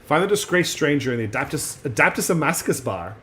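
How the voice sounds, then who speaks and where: A man's voice: a little high, sing-song, fast, hardly any pauses, sharp tone, slight background noise. A man streaming a game, chatting casually in a rambling, self-deprecating way. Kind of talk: casual gaming commentary.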